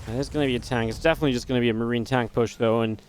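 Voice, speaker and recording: A man casting a real-time strategy match alone, in energetic play-by-play commentary with chatty asides. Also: medium pitch, very fast, a little hiss or hum. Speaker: esports caster. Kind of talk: solo play-by-play game commentary.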